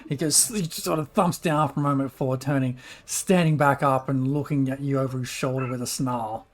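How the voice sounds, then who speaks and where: A man running a tabletop game as game master over an online call, relaxed and laughing along with his players. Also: mid-range voice, a little fast, a little hiss or hum.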